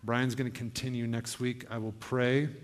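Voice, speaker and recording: A man's voice: mid-range voice, flat delivery, moderate pace. A young male pastor preaching an earnest, exhorting sermon to his church. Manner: earnest, exhorting, with quoted asides. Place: church hall. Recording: long hall reverb.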